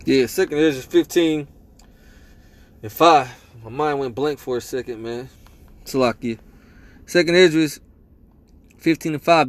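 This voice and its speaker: Preacher, male, high voice, dry close sound, emphatic scripture-reading sermon. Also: unhurried, long pauses, dry recording. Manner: emphatic, tags lines with "man" and "all right?".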